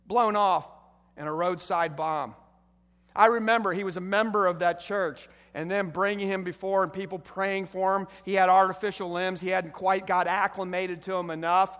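Brief: middle-aged male pastor, high voice, emphatic sermon delivery, long hall reverb. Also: fairly even intonation, normal speed, fairly bright tone. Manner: emphatic preaching with rising volume bursts.

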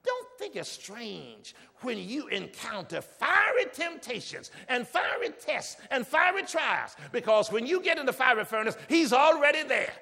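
A pastor preaching a sermon in a church, fervent and building to shouted exhortations. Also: male voice, extremely high pitch, big pitch swings, unhurried, creaky, few pauses, long reverb tail.

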